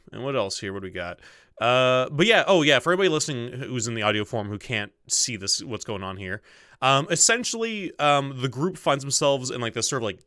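Running a tabletop RPG as game master, a man describes the scene and rules, peppering his talk with fillers and muttering to himself as he sets things up. His medium-pitched voice is pushed, bright, clear and resonant, captured in a dry, clean studio recording.

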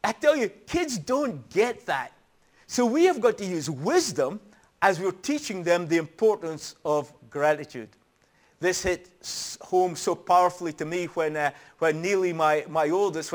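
A middle-aged male preacher with a notably high voice delivers a sermon. He tells stories earnestly and leans hard on his key points. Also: expressive, moderate pace. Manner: earnest storytelling, emphatic.

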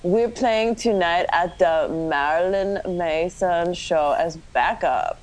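A woman's voice: on the low side, slow, a little mellow. A woman podcast host doing a comic dramatic reading of a story, often breaking into laughter as she reads.

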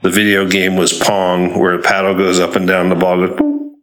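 A man's voice: sits low, flat delivery, moderate pace, a bit bright, low-quality recording. A man hosting an interview, chatting casually and reminiscing about childhood. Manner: chatty, nostalgic, reminisces with playful sound effects. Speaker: interview host. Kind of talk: casual chat.

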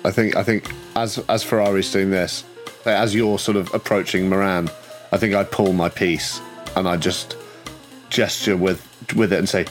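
A man's voice: low voice, fairly even intonation, normal speed, soft background music. A man playing a tabletop game, talking in a laid-back way with brief replies. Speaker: player. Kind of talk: casual tabletop game play.

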